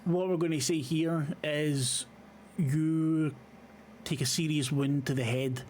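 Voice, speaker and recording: A man's voice: a little high, steady tone, slow, a little mellow, a little hiss or hum. A man running a tabletop horror game as game master, describing scenes with frequent ums and uhs. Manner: hesitant, many fillers.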